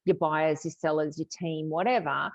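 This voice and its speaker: A woman's voice: low-pitched, fairly even intonation, moderate pace, creaky, dry recording. A woman hosting a podcast, chatty and agreeable as she recaps points. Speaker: podcast host. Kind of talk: casual podcast chat. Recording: dull, dry lo-fi sound.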